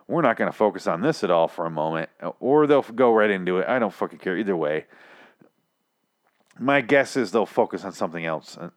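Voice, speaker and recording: A young man hosting a podcast, ranting in a profane, exasperated way while reviewing a TV episode, tired and achy after some whiskey. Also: on the low side. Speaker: podcast host.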